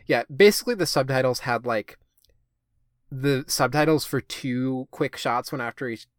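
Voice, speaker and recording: This podcast co-host is a man with a mid-range voice talking at a normal speed, rambling through casual chat full of fillers and offhand swearing. The sound is clean studio audio with no room sound.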